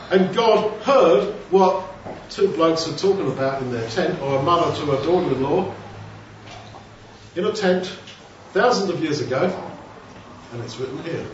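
In a fairly high, animated voice, a man preaches at a moderate pace, pausing often as he asks rhetorical questions and acts out quotations in a conversational style. The recording is dull and distant, in a very echoey hall, with slight background noise.

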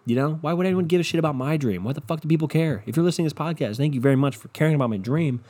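A hoarse young man hosting a solo podcast from his bedroom on one microphone, ranting and swearing constantly. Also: a little high, rapid-fire, darkish tone. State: voice worn and hoarse. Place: his bedroom at his parents' house. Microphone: single home podcast microphone.

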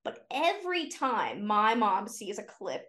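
A woman's voice: mid-range voice, sing-song, measured pace, a bit bright. A young adult woman co-hosting a podcast in casual chat, playful and laughing often, with lots of "like" and "you know.". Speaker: podcast co-host.

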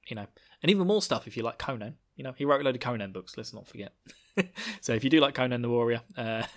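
A man's voice: mid-range voice, a bit bright. Male podcast host, jokey, rambling casual talker. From United Kingdom. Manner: rambling, jokey, laughs at own jokes. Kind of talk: casual chat.

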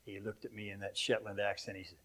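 An older man from Australia, his accent softened by years in America, preaching a rambling, anecdotal sermon in a church and chuckling often. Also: lowish voice, completely flat delivery, fast.

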